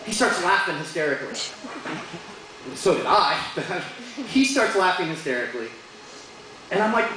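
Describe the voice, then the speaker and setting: A man's voice: high voice, very animated, moderate pace, long pauses, bright, forceful tone, a little hiss or hum. A man doing a stand-up comedy set in a bar, telling joking stories about his kids and putting on funny voices for them. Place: bar stage. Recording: very echoey bar room with crowd ambience.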